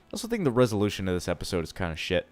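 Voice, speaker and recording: A man's voice: deep voice, huge pitch swings, racing, soft background music. A man streaming live, chatting casually and answering chat, rambling and swearing freely.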